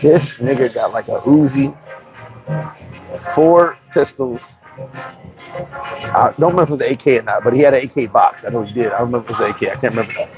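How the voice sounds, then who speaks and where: A man telling a story in a casual, animated, slangy way and often restarting his sentences. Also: mid-range voice, fast talker, long pauses, muffled recording, over music. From New York. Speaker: vlogger.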